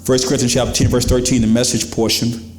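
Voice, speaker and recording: A man's voice: mid-range voice, level tone, quick pace, echoey room, faint music behind. A pastor preaching to his congregation in a church, in a conversational style with questions to the crowd and quoted voices. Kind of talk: sermon. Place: church sanctuary.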